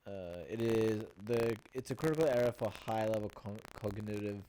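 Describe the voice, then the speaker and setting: A man's voice: lowish voice, fairly even intonation, fairly quick, mellow. A young man co-hosting a podcast, dry and matter-of-fact in casual chat. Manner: dry, matter-of-fact, corrects his co-host. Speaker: podcast co-host.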